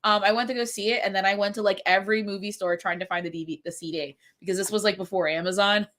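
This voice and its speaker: During a writing-sprint livestream at home, a French teacher at a middle school, a woman in her forties, chats casually and rambles through anecdotes with many fillers. She speaks at a quick pace in a steady, mid-range, somewhat bright voice that sounds congested.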